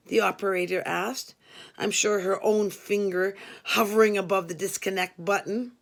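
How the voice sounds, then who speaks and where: A woman reading a novel aloud in an expressive way, doing voices for the characters. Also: medium pitch, normal speed, creaky. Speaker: audiobook reader.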